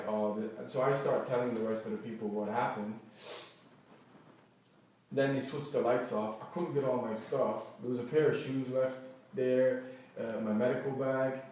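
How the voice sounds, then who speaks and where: A man's voice: mid-range voice, a little mellow, recorded from a distance, a little hiss or hum. A man rambles through an upset account of what happened to him, restarting sentences and acting out what others said. He sits well back from the microphone in a strongly echoing room, with faint room ambience behind him. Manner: rambling, quotes people in his retelling, restarts often. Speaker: man recounting a complaint. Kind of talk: agitated first-person account. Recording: echoey room, voice from off-mic.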